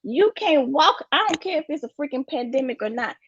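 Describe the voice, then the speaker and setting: A woman's voice: high voice, lively intonation, brisk, fairly bright tone, dry recording, muffled recording. A woman giving an emphatic, preachy motivational talk about finances, repeating her catchphrases. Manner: preachy, repeats "you get what I'm saying". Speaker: guest speaker on finances.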